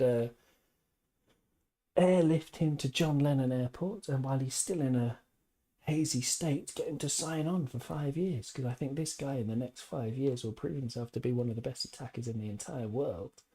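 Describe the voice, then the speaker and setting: A man's voice: mid-range voice, mellow, slightly rough. A man hosting a casual live-stream podcast from home, reading out chat comments and rambling with opinionated, jokey asides.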